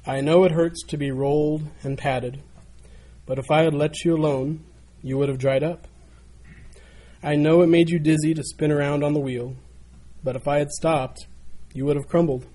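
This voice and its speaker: A man voicing a patient, kind potter who gently explains why he shaped the teacup. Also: a little high, steady tone, moderate pace, lightly acted. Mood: gentle.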